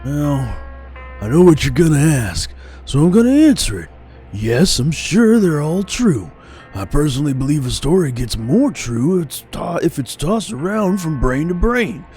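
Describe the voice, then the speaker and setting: A reflective riverboat storyteller, read out by a man narrating a video game. His warm, mellow voice swings widely in pitch as he muses. Soft music sits faintly underneath. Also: big pitch swings, normal speed. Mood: musing. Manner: reflective storytelling, reading aloud. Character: male riverboat worker telling old river stories. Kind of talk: reading game narration aloud.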